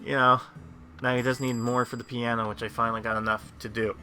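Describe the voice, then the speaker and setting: Bright-voiced man rambling over gameplay. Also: medium pitch, little pitch movement, quick pace, soft background music. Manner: rambling, lots of fillers and restarts. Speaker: gameplay host. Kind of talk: casual gameplay commentary.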